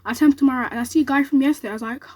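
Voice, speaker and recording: A young woman, vlogging to camera and telling an excited story in a rapid, animated way, acting out what others said. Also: high-pitched, heavy background noise. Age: young adult.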